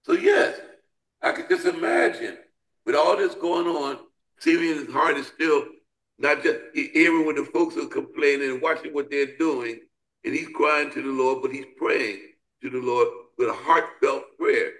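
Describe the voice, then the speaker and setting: A man's voice: fairly high pitch, unhurried, a bit bright. A man leading a Bible study discussion, preaching with an emphatic, repetitive call-and-response cadence. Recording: roomy echo.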